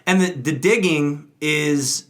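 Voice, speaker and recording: Energetic man coaching actors, chatty. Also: on the high side, slow pace. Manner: energetic, often tags sentences with "right?". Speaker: acting coach and co-host. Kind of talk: casual instructional chat.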